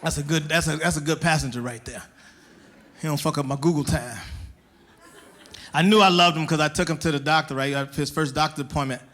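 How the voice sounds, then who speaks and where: A male stand-up comedian with a high voice, talking in an animated way. His tone is bright and forceful. He hits his punchlines loudly and often laughs along with them. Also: fairly quick, pauses often. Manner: animated, loud punchlines, laughs at own jokes. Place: comedy stage.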